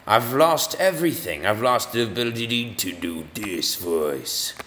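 A man's voice: medium pitch, big pitch swings, normal speed, a bit bright, slight background noise. A man rambling and joking at himself while commentating on brain-training games. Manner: rambling, self-mocking, lots of restarts. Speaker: gaming video host. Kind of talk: goofy gameplay commentary. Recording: long reverb, faint music.

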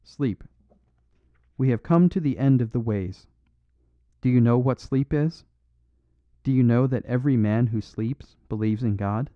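A man voicing a priest and amateur detective who speaks gently and quietly. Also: mid-range voice, unhurried, pauses often, no room sound, lightly acted. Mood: urgent. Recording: dull dry recording.

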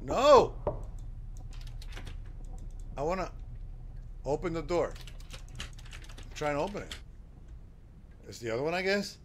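A man's voice: a little high, expressive, normal speed, long pauses, slight background noise. A man commentating live on a horror game, talking to his chat and yelping at scares. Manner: jumpy, talks to chat, yelps at scares. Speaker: game streamer.

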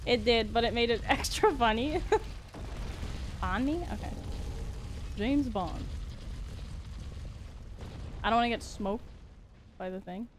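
A woman's voice: on the high side, lively intonation, slow, long pauses, slight background noise. A young woman from Canada streaming a video game, chatting playfully with her audience and laughing often. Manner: playful and giggly, reads chat aloud. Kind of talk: casual gaming livestream chat.

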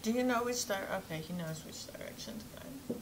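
A woman's voice: mid-range voice, fast, background noise. A woman commenting casually while playing a video game, muttering, laughing and swearing in asides. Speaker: gamer. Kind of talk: casual let's-play commentary.

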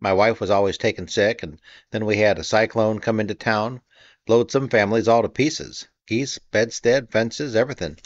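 A folksy, drawling working man, put on by a male reader. His voice sits low and dry, right on the mic. The recording is a little dull and muffled. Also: steady tone, moderate pace, dry recording, lightly acted. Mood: earnest. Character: poor Southern man, plain-spoken.

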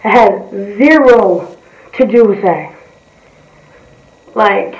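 A woman's voice: on the high side, a little mellow. A woman giving a blunt, profane, heated reaction commentary as a vlogger. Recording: roomy, distant from the mic.

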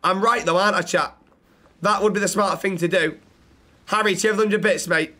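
A man streaming a role-play game, swearing constantly and rattling off quick thanks to viewers. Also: high voice, fairly even intonation, sharp tone. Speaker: livestreamer. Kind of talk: live gameplay commentary and role-play.

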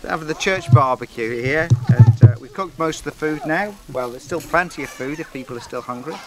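A man's voice: a little high, fairly quick, over music. A man casually vlogging outdoors at a barbecue, rambling and hesitant with many fillers. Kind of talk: casual vlog commentary.

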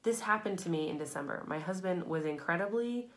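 A woman hosting a live stream, giving a casual motivational talk to her audience in an emphatic, candid way, swearing freely and laughing between phrases, swinging between loud, pushed lines and soft, low asides. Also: lively intonation, fairly quick.

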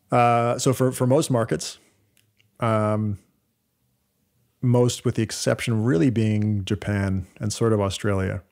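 A Canadian-accented man co-hosts a podcast, walking through data step by step in casual chat full of fillers and restarts. His voice is on the low side, gravelly, and darkish in tone.

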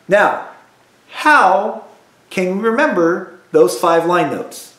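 A man teaching a recorded music lesson, with a fairly high voice and an unhurried pace. He drills his students patiently, leading call-and-response repetitions. The sound carries an echoey room around him. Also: expressive, a bit bright.

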